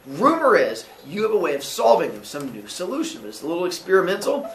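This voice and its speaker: A man's voice: sits high, huge pitch swings, quick pace, recorded from a distance, heavily acted. An impatient, whiny male sky god played by a man pushes his voice up and swings it around wildly. The recording sounds roomy, with the speaker sitting back from the mic. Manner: whiny, exclamatory, over-the-top.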